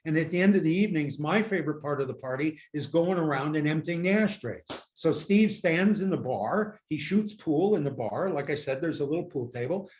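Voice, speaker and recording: A man's voice: a little high, darkish tone. An older man from the United States, a guest in a casual interview, talking at length in a rambling, self-mocking way with many fillers, picked up by a laptop microphone. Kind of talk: casual video-call interview chat. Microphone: laptop camera microphone.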